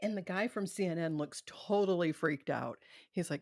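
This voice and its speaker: A woman's voice: fairly low pitch, moderate pace, a little mellow, no echo, studio quality. A middle-aged woman hosting a live stream, chatting casually and rambling, laughing often. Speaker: livestream host.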